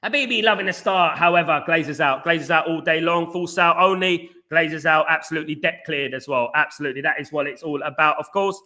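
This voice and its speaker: On a football fan livestream, a guy with a high, bright voice reads chat messages aloud nonstop, rattling off shoutouts. He hosts the fan channel and keeps the live chat fast, casual and full of animated banter.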